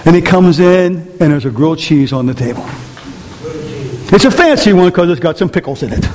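High-voiced pastor preaching in a reverberant hall. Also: male voice, fairly quick, a little hiss or hum. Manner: animated, joking, asks the congregation rhetorical questions. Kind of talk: sermon. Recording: long reverb of a large hall.

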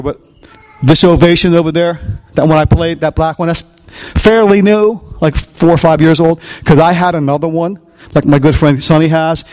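Storytelling pastor preaching to a congregation. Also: male voice, on the high side, a little mellow. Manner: storytelling, asks the congregation questions. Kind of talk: sermon. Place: church before a congregation.

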